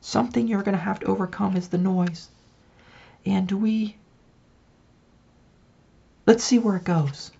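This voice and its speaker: A woman talks through a spiritual tarot reading in a loose, chatty way, often turning to the listener to check they follow. Her voice has a gravelly, husky edge and sits at an ordinary pitch. The recording is dull and lo-fi. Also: fairly even intonation, measured pace, long pauses, dark tone. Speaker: tarot reader.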